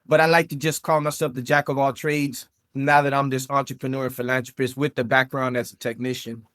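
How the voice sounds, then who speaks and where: A man in his thirties from South Florida, a vet tech and entrepreneur, tells his story as a podcast guest in a lively, chatty interview, full of fillers and calling listeners "guys." His voice is medium-pitched and brisk, recorded in studio quality with no echo.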